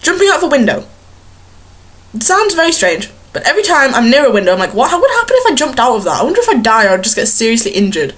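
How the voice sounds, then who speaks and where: A woman's voice: fairly high pitch, very animated, quick pace, fairly bright tone. A young woman chatting casually to a webcam in a small bedroom, rambling and giggling at herself. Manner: rambling, giggly, self-mocking. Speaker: vlogger. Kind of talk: casual chat to camera.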